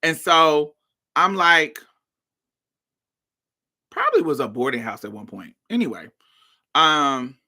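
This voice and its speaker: A woman's voice: low voice, takes it slowly, pauses often. A woman from Indiana hosting her show, telling a personal story in a storytime monologue, acting out the people in it and laughing often. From Indiana, USA. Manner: animated, acts out every voice in the story. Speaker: podcast host.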